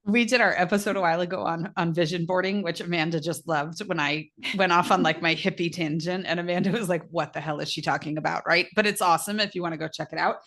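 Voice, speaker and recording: A middle-aged woman chats casually as a podcast co-host. Her voice sits a little low. She tells stories with energy and acts out her own asides as quotes. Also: quick pace, few pauses. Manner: animated storytelling with laughs and quoted asides. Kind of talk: casual chat.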